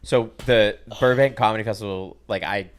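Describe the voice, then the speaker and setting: A young man hosting a casual comedy podcast, telling animated stories and swearing a lot. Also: on the low side, normal speed. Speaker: podcast host.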